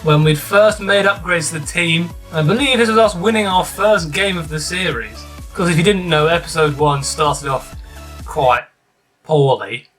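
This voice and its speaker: Young man, bright tone, slightly high voice, chatty countdown voice-over, faint music behind. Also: normal speed, recorded from a distance. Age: young adult. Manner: chatty, wry. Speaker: gaming YouTuber.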